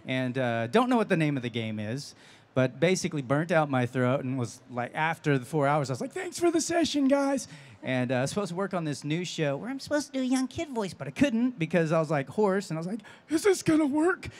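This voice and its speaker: A voice actor on a convention stage tells stories during a live panel Q&A, chatting with the audience and frequently laughing. His voice is on the high side, expressive and fast.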